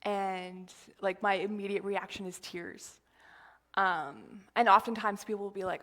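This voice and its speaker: A woman's voice: mid-range voice, unhurried. A woman sharing an informal sermon at church, chatty and rambling, with lots of fillers and asides, whispering when she quotes others. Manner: drops to a hushed whisper for quoted lines. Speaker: church speaker sharing a message.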